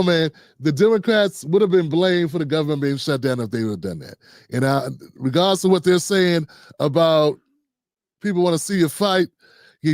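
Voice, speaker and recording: A man's voice: on the high side, darkish tone, no room sound. Laid-back male livestream host, dry sound. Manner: laid-back and conversational, drops in "man" and asides. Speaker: livestream host reacting to a news clip. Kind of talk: casual commentary.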